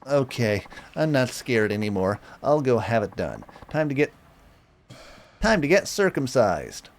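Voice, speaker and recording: A man's voice: medium pitch, sing-song, measured pace. A man reading game dialogue aloud, voicing a fretful young man who dreads his surgery. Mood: resolved.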